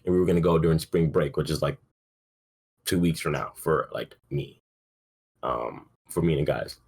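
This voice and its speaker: A young man hosts a casual solo sports podcast in a bass voice that's a little mellow and husky, with vocal fry and a moderate pace. Sleepy and yawning, he rambles, swears freely, and leans on frequent fillers in a laid-back, offhand manner.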